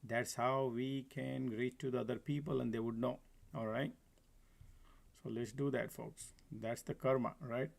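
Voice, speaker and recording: In a gravelly, medium-pitched voice with fairly even intonation, a man hosts a stock trading livestream at a measured pace. He gives live market commentary, chats casually with viewers he calls folks, and laughs often, sometimes sitting far from his desk mic.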